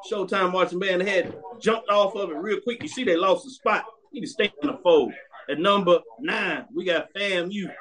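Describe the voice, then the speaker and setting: A man with a bright, high-pitched voice runs a sports show in loose, opinionated commentary. He is blunt and emphatic, stacking up short commands to make his point.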